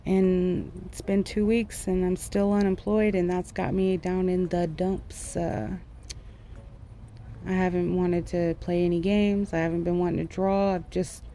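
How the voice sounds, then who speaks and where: Slow, mellow-voiced woman venting frankly. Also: fairly low pitch, little pitch movement, a little hiss or hum. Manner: frank, rambling, frustrated venting. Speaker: art vlogger and former school teacher. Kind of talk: candid casual chat over drawing. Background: faint background music.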